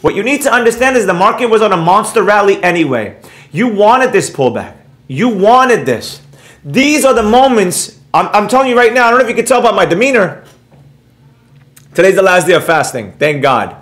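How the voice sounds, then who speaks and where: A high-voiced middle-aged man talks straight to his viewers in a brash, lecturing way, repeating himself for emphasis. He shifts into reading chat names and answering them off the cuff. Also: fast. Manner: animated, repeats points for emphasis. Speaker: trading educator and channel host. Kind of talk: casual monologue to viewers, reading live chat.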